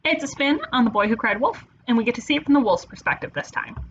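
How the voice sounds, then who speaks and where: Expressive woman teacher reading aloud. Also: a little high, fast, highs cut off, slight background noise. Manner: expressive, playful storyteller. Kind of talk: children's read-aloud.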